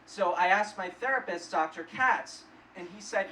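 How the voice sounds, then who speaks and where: A man's voice: high-pitched, normal speed, few pauses, pushed and bright. A young man performing a stand-up comedy set on a club stage, telling awkward, self-deprecating stories. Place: comedy club stage before a live audience. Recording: roomy, distant live club recording with heavy crowd noise.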